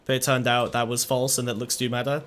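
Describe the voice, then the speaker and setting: Bright, animated man in casual debate. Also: mid-range voice, fast talker. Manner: animated, argumentative. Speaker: podcast guest. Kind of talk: casual chat.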